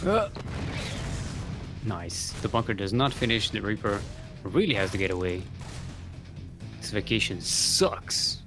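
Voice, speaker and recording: A man's voice: fairly low pitch, big pitch swings, a little slow, long pauses, a bit bright, faint music behind. A man casting a live strategy-game match, chatty and joking, reading out viewer chat as he goes. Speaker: esports caster.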